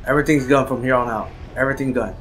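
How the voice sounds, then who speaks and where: A young man giving excited gameplay commentary as a video host, chattering nervously and shouting when he wins. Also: medium pitch, racing, slight background noise.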